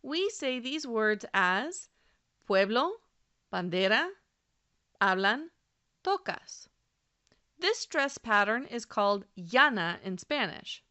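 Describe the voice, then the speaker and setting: A woman narrating a scripted language lesson, speaking clearly and deliberately and slowing down to model example words. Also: fairly high pitch, bright, forceful tone. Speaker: language teacher.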